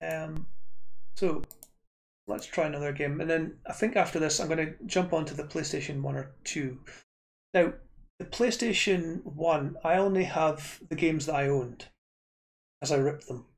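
A man's voice: fairly high pitch, normal speed, gravelly. A Scottish man streaming retro games, chatting casually and rambling to his viewers with frequent restarts.

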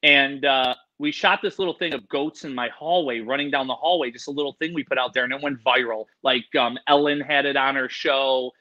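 A man, an animal expert, telling rambling, animated stories in a casual interview. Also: mid-range voice, brisk, hardly any pauses, highs cut off.

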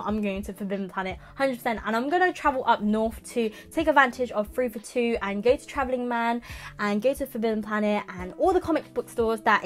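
A young woman, unboxing a parcel in a casual vlog, giddy and excitable with exaggerated reactions. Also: on the high side. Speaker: manga vlogger.

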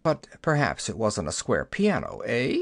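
A man's voice: medium pitch, huge pitch swings, unhurried, gravelly, full character voice. A man reading an audiobook, voicing a self-pitying male rabbit king who talks in a mournful, complaining way.

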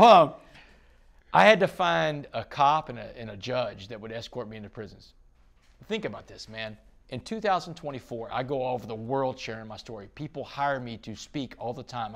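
A man from Texas, a podcast guest telling a dramatic story in an interview. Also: medium pitch. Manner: dramatic storytelling, rising to excited bursts.

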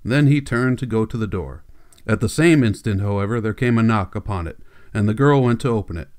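A man reading a classic novel aloud as an audiobook narrator, in measured, steady storytelling. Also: lowish voice. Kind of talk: scripted narration.

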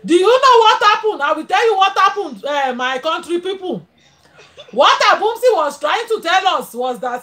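Nigerian woman host, very high and animated voice, chatty and laughing, greets live-stream viewers. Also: moderate pace. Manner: chatty, laughs often, switches into pidgin. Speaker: livestream host. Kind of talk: casual live-stream chat.

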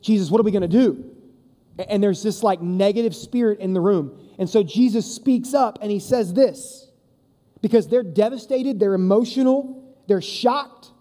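A man's voice: high voice, normal speed, warm tone. A man preaching a casual, conversational sermon as a youth pastor, with emphatic repeats and direct address to his listeners. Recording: long reverb of a large hall.

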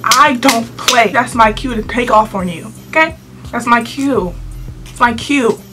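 A teenage girl telling a storytime vlog to her camera in an animated, sassy way, full of slang. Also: on the high side, unhurried, over music. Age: teens. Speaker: vlogger.

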